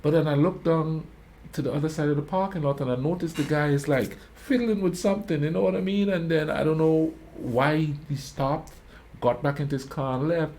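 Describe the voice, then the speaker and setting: A man's voice: a little high, brisk, slight background noise. A man hosting a reaction video, telling rambling anecdotes in a casual way and often asking "you know what I mean?". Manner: calls himself a quiet talker. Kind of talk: casual storytelling commentary.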